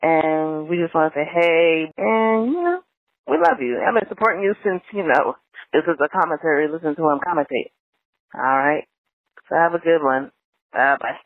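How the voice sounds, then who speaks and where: A woman from Philadelphia leaves a giggly, excitable fan voicemail. Her voice comes through a thin, phone-like line and sounds dry. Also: low-pitched, normal speed, no room sound. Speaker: voicemail caller.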